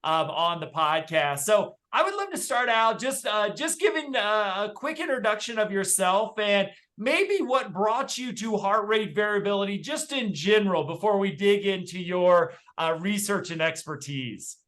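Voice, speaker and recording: A man with a high voice hosting a podcast interview in a casual, upbeat manner. He fills his speech with uhs and speaks over a video call. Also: expressive, normal speed, few pauses, a bit bright. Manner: upbeat, filler-heavy. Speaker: podcast host.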